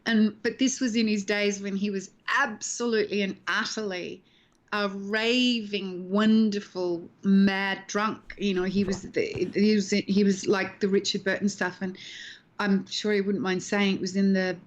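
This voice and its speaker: An Australian woman in her sixties, an actress chatting as an interview guest and telling lively stories, acting out the people in them. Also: medium pitch, unhurried, lo-fi sound. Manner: lively storyteller who acts out the people in her anecdotes. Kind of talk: casual interview chat.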